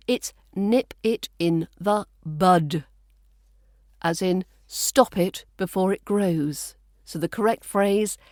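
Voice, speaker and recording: Crisp, slow British RP woman. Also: on the low side, a little mellow, dry recording, studio quality. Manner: crisp, precise, dryly playful. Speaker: accent coach. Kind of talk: scripted pronunciation lesson.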